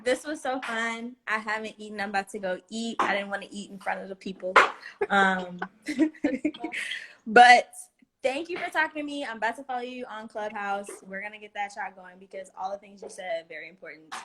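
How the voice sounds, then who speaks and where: A woman hosting a live stream chat, playful and quick to laugh. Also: mid-range voice, noisy background. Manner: laughs often, playful and chatty. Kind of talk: casual chat.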